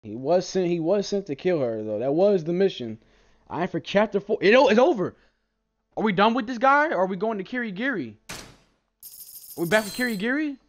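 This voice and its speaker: A man's voice: high-pitched, sing-song, brisk. A young man giving let's play commentary in a profane, frustrated rant. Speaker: gamer.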